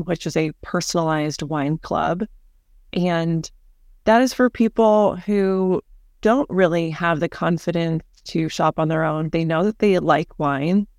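Clear-voiced businesswoman explaining offerings. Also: lowish voice, measured pace, dry recording, studio quality. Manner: upbeat, explanatory, enthusiastic. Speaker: senior director, podcast guest. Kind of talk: business podcast interview.

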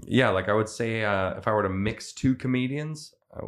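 A man's voice: lowish voice, normal speed. A man, a stand-up comedian, chatting casually on a podcast with lots of fillers and restarts. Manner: rambling, filler-heavy, many restarts.

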